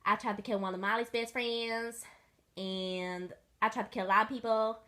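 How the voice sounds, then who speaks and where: A young woman telling a comic story in the first person as her pet dog, rambling, deadpan and profane. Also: on the high side, normal speed.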